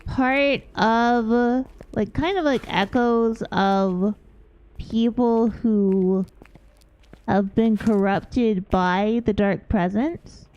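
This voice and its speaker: A young woman chats her way through a game stream, excitable and gushing, with little squeals of delight. Her voice sits a bit high, and she talks at a leisurely, unhurried pace. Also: smooth, muffled recording. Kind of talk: casual gameplay chat.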